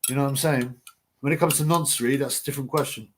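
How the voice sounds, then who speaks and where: A man's voice: mid-range voice, steady tone, very fast, background noise. A man hosting a casual live boxing chat, rambling and blunt with slang. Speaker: livestream host.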